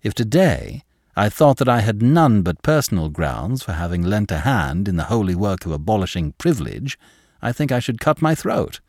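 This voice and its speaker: A man doing a proud, impassioned young gentleman. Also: lowish voice, very animated, normal speed, no room sound, studio quality. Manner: formal gallantry turning heated and indignant.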